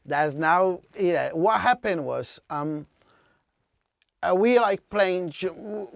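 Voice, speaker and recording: A man from Brazil, whose first language is Portuguese, telling stories in a casual podcast chat and acting out what people said with big jumps in pitch. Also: takes it slowly, vocal fry, no room sound. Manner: animated, acts out quotes with big jumps in pitch. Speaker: DJ, podcast guest. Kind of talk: casual storytelling.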